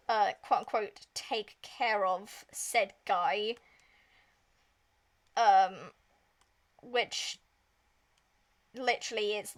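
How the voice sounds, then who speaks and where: Slow-talking woman rambling through a story. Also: medium pitch. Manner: rambling, heavy filler use, frequent swearing. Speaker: streamer. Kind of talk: casual retelling of a story.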